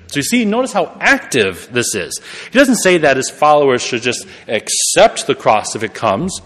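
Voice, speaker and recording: Male preacher, conversational sermon, mid pitch, long church reverb. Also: sing-song, moderate pace, a bit bright. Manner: conversational, self-correcting, laughs at himself.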